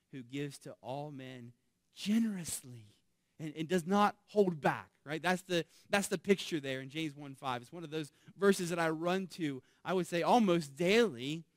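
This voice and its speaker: Male pastor, sermon delivery, emphatic swells and soft asides; voice a touch high, dry recording. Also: no echo. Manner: emphatic preaching, rising loud on key phrases, dropping soft on asides.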